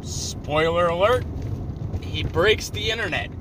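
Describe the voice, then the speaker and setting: A man's voice: high voice, takes it slowly. A young man rambling in a sardonic, profane, meandering way while he drives, talking to a camera in his car. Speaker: vlogger. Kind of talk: rambling casual monologue while driving. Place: inside a car on the road. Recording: road and engine noise.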